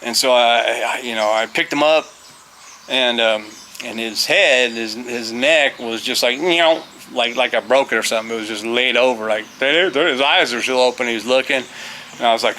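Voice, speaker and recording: Man, middle-aged, bright voice, rambling folksy storytelling, outdoors, faint insect and bird ambience. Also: medium pitch, normal speed, slight background noise. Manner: rambling, folksy, with many fillers and restarts. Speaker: vlogger, former teacher. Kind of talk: casual storytelling. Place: outdoors on a farm.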